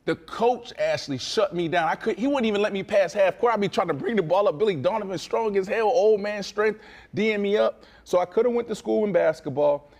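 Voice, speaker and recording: A man co-hosting a casual sports talk show, animated and boastful, telling stories with lots of restarts. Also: high voice, a little fast. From Florida. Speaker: co-host.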